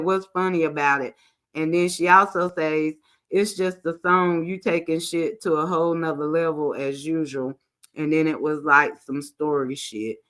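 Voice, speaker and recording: A woman's voice: on the low side, fairly bright tone. A woman casually commenting on a livestream, reading messages aloud in a drawl and greeting her viewers by name. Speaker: channel host reading screenshots to live viewers.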